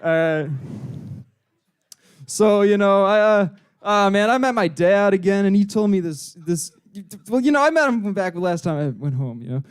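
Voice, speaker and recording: A man's voice: high-pitched, animated, moderate pace, clean tone. Rambling young man doing stand-up. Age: young adult. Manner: rambling, crude, heavy "you know" fillers; puts on voices for joke characters. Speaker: open mic comedian. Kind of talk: stand-up comedy. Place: student club open mic stage.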